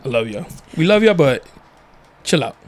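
A man's voice: a little high, big pitch swings, normal speed. Joking young man, swears a lot. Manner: joking, laughs often, swears freely. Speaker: podcast co-host. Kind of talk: casual chat.

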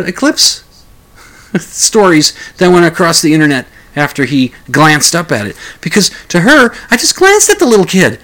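With a fairly high, slightly bright voice, this man hosts a talk radio show and spins a rambling tale. He stumbles into restarts, chuckles on the side, and performs quoted lines loudly.

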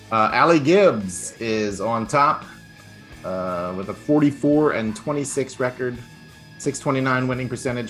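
Man rattling off standings with teasing asides. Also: mid-range voice. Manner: reads standings fast, teasing, filler-heavy. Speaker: podcast host. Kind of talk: casual sports chat.

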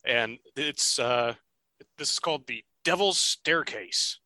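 A man co-hosting a casual podcast, chatty and quick to laugh, often restarting his sentences. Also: medium pitch, bright, forceful tone, dry recording. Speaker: podcast co-host. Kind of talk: casual chat.

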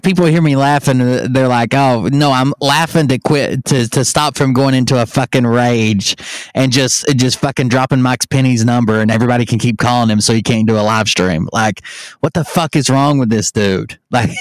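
A man in his thirties rants and jokes with a sarcastic edge, swearing freely as he hosts a live podcast. His voice sits at a middle pitch and sounds dry and close, with no room around it. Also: clear, resonant tone, dry recording. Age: 30s. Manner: profane, ranting, sarcastic. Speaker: podcast host. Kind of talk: live-stream podcast chat.

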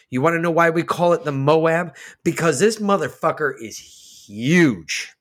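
A man co-hosting a podcast, ranting heatedly with lots of swearing and swinging between loud outbursts and slow emphasis. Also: on the high side, lively intonation. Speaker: podcast co-host. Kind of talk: casual political chat.

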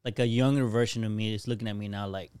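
A man's voice: on the low side, steady tone, fast talker, a little mellow, clear, resonant tone, no room sound. A man co-hosting a podcast, chatting casually with wry jokes. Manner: wry, joking. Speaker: podcast co-host. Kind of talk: casual chat.

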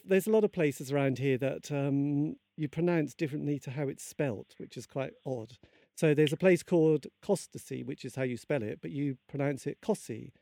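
A man's voice: fairly high pitch, mellow, dry recording. A man from England hosting a radio show, chatty, polite and eager. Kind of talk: radio interview and sign-off.

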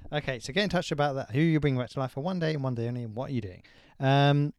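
A man's voice: medium pitch, fast. A man co-hosting a podcast in casual chat, with a teasing, jokey and rambling way of talking. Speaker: podcast co-host.

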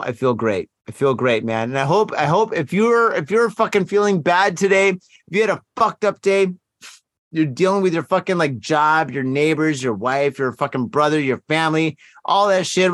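A man's voice: on the high side, animated, moderate pace, fairly bright tone, no room sound, clean studio sound. A man hosting a casual drinking podcast, swearing heavily and rambling with emphatic repeats. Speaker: podcast host.

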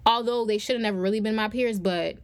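A woman's voice: mid-range voice, fast, dry recording. A young adult woman hosting a faith-based podcast, teaching in a conversational, preacher-like way and speaking straight to her listeners. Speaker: podcast host.

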